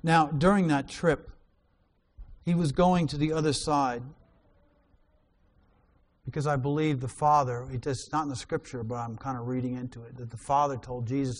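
A man's voice: mid-range voice, normal speed, pauses often. A man preaching a sermon, reading scripture aloud and explaining it, his voice rising on quoted lines. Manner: animated reader, rising loud on quoted lines.

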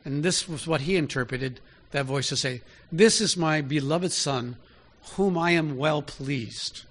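A man's voice: a little high, unhurried, fairly bright tone. A man preaching a sermon in an easy, conversational way, often asking his listeners direct questions.

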